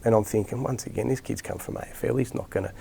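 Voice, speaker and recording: Gravelly low-voiced Australian coach. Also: male voice, fairly even intonation, quick pace, dark tone. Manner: rambling anecdotes with many restarts and fillers. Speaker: rugby league coach, podcast guest. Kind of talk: casual storytelling interview.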